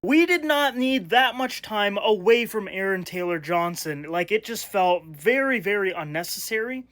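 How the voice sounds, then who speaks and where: Young man, fairly high voice, animated, exasperated, casual movie review, rambling. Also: normal speed.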